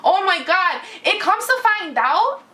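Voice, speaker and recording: A woman in her twenties telling a personal story in a casual vlog, animated and loud. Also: extremely high pitch, a little slow.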